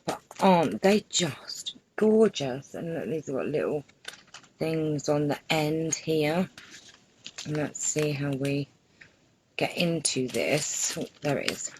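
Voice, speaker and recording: Lady chatting on a craft livestream, low voice, slow and easy, bit of faint hiss. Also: expressive. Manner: chatty, greets viewers by name, gushes over gifts. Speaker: crafting channel host. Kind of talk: casual live-stream chat.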